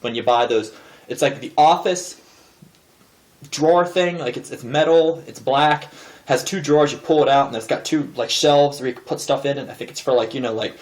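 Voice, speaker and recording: A man in his thirties sits in a chair indoors and rambles jokingly to a camera propped in a desk drawer. His pitch sits in the usual middle for a man, and he keeps poking fun at himself. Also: normal speed. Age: 30s. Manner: joking, self-deprecating and rambling. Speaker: vlogger host. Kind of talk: casual comedic monologue to camera. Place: indoor room, seated in a chair.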